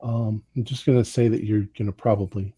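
A man acting as game master, narrating a tabletop horror game in an unhurried way and describing each scene to the players as "you". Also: on the low side, husky. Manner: describes scenes in the second person, unhurried and relaxed.

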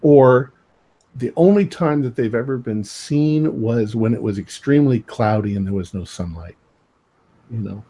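A man narrating as game master, pausing often with filler sounds. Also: medium pitch, warm tone, slight background noise. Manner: rambling, many filler sounds.

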